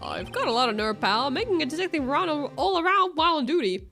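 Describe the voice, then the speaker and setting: A woman voicing a gruff, bumbling male detective who keeps calling people pal. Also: high voice, sing-song, fast, a bit bright, soft background music, full character voice. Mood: grumbling.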